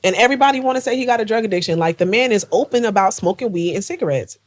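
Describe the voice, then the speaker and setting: A woman's voice: mid-range voice, lively intonation, rapid-fire. A woman co-hosting a podcast, chatting casually, laughing often and speaking with emphasis. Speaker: podcast co-host. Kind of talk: casual chat.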